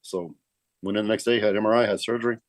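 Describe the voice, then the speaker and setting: Brief: middle-aged guy, low voice, quick, salty, spins a yarn in a dry, close sound. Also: fairly even intonation, no room sound. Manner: profane, keeps saying man. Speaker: guest, pro bodybuilder. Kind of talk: casual storytelling.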